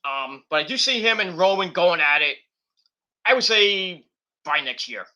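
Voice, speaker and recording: A man's voice: high-pitched, expressive, a little slow, sharp tone. A man hosting a casual wrestling predictions show, rambling off the cuff with cursing and mocking nicknames. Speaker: host.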